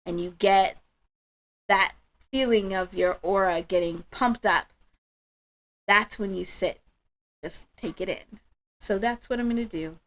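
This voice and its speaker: A woman hosting a spiritual livestream, chatting with viewers in an emotional, affirming way. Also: mid-range voice. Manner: warm, emotional, affirming, slow and soft-spoken. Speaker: livestream host.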